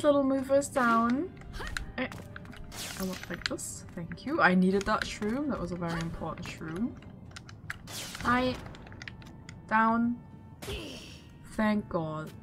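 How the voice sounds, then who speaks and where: A young woman streaming a game, commenting live, excitable and swinging between groans and shouts. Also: high voice. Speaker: VTuber streamer. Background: faint game music.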